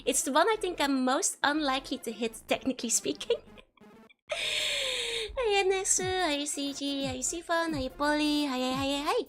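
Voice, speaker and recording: A woman streamer with a Dutch accent chatting casually on a live stream, her voice hoarse from being sick, greeting her chat by name and laughing often. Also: high-pitched, normal speed, a bit bright.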